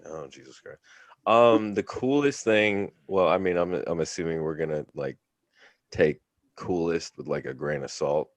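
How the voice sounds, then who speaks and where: A man's voice: deep voice, moderate pace, no room sound. A man, a special effects makeup artist and haunt actor, chatting and telling jokey stories as a podcast guest. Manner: joking, animated storyteller. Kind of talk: casual podcast chat.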